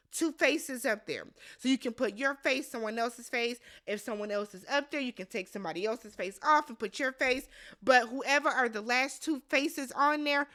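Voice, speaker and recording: A woman hosting a casual reality TV recap vlog, talking bluntly and with exasperation, swearing freely and shouting mock reactions. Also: a little high.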